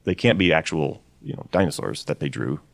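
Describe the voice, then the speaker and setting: A man's voice: very deep voice, expressive, fairly quick, creaky, no echo. A man talking earnestly in an interview discussion, often restarting his sentences. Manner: earnest, with repeated false starts. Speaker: guest on a creationist video.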